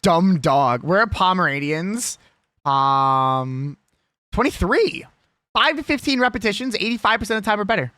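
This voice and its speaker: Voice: mid-range voice, animated, normal speed, pushed and bright, no echo. A young adult live streamer chatting casually and with strong opinions while reading a list aloud.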